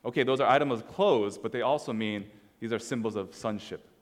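A man's voice: mid-range voice, brisk, big-room sound. A man preaching a sermon in a casual, conversational way, telling a story as he walks through slides. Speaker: pastor.

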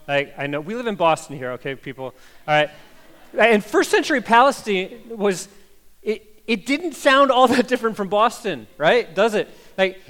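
A man from the American Midwest, a pastor preaching a conversational sermon with animated storytelling, full of "like" and "right?". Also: high voice.

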